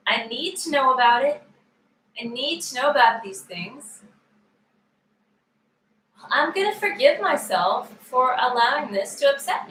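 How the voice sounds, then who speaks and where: A woman coach leads a guided tapping session, speaking slowly and calmly as she voices upset feelings for listeners to repeat. Her voice is bright and sits a little high. The room is roomy and echoey, with a faint hum of ambience behind her.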